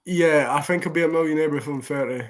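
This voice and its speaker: A man's voice: a little high, quick pace. A young Scottish man with a Scottish accent, a guest chatting cheekily on a podcast over a laptop video call. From Scotland. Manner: cheeky, jokey. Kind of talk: casual podcast chat.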